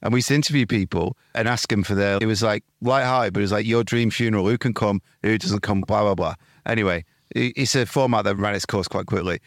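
A man's voice: lowish voice, quick pace, few pauses, no echo, clean studio sound. A young man co-hosting a podcast, telling crude anecdotes with lots of swearing and doing voices of the people in his stories. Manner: swearing, laughing storyteller who mimics other people. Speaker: podcast co-host. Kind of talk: casual banter telling anecdotes. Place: home studio.

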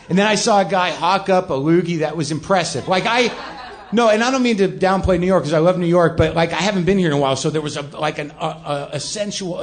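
A middle-aged man hosting a live comedy show, rambling and self-deprecating with plenty of swearing. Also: high voice. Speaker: comedian host. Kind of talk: live stand-up monologue. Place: comedy club stage.

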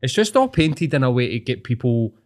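A man's voice: mid-range voice, very animated, fairly quick. Blunt sweary Scottish man ranting. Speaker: podcast host. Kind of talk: casual podcast chat.

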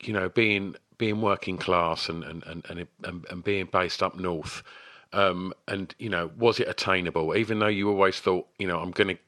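A man's voice: low voice, fairly even intonation, moderate pace, a bit bright, dry recording, clean studio sound. A male interviewer asking long, hesitant questions in a casual interview.

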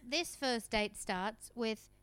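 A woman's voice: on the high side, slow, fairly bright tone, smooth, no echo. A young woman co-hosting a podcast, chatting and joking casually as she recaps a show. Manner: chatty, joking, trails off mid-sentence. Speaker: podcast co-host.

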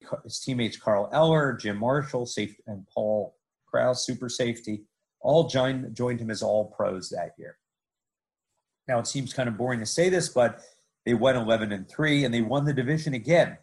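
A man hosting a podcast, narrating sports history in a lively way with joking asides. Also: mid-range voice, normal speed, low-quality recording.

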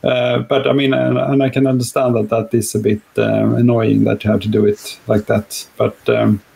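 A man with a Swedish accent hosting a podcast, speaking haltingly with many restarts and fillers. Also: mid-range voice, flat delivery, gravelly, warm tone. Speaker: podcast host. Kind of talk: casual podcast chat.

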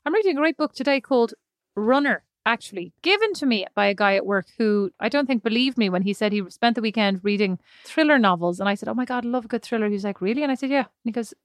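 A woman's voice: medium pitch, expressive, fast, no echo, clean studio sound. A woman in her forties co-hosting a casual podcast, telling stories in a chatty, self-mocking way. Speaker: podcast co-host. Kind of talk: casual chat.

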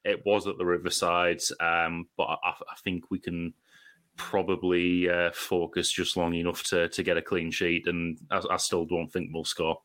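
A man co-hosting a podcast, gloomy and deadpan, expecting the worst. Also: low voice, normal speed. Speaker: podcast co-host. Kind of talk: casual podcast chat.

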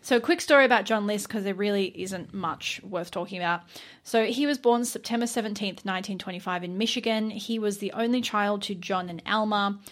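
A woman's voice: mid-range voice, brisk. A young woman, co-hosting a casual true crime podcast in a chatty, laughing way. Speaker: podcast co-host.

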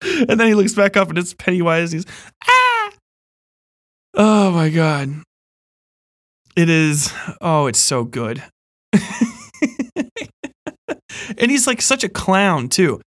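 A man's voice: a little high, animated, slow, long pauses, no room sound, studio quality. A young man hosting a casual horror review chat, rambling, swearing a lot and laughing often. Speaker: podcast host.

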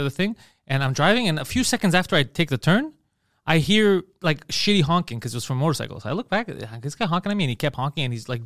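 A man rattles off his stories at high speed in a slightly raised voice, cursing freely and acting out his own outbursts. The sound is dry and close, with no room around it. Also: no room sound. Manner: animated storytelling, heavy swearing, acts out his own outbursts. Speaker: podcast co-host. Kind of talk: casual podcast chat.

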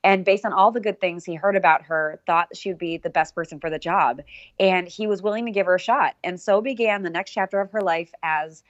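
A woman's voice: fairly low pitch, a little fast, no echo, highs cut off. A woman co-hosting a podcast, upbeat and casual, talking straight to listeners. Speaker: podcast co-host.

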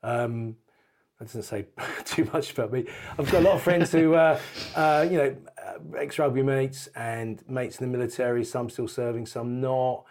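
A middle-aged man telling anecdotes as a podcast guest, lively and laughing, with casual swearing. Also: medium pitch, normal speed. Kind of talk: anecdotal storytelling.

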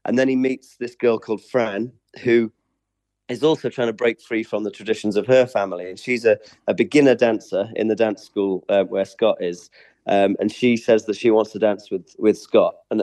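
A man's voice: on the low side, fairly even intonation, moderate pace, a little mellow, no room sound. A man from England, a stage performer being interviewed, chatting casually and laughing easily.

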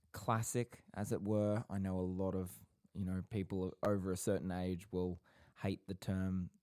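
A man with a low, deep voice chats and teases on a podcast, leaning into mock-dramatic asides. He sounds close to the mic in a dry, dead room, a home office setup. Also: warm tone, clear, resonant tone, dry recording. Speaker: podcast co-host. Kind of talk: casual chat. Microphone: podcast microphone.

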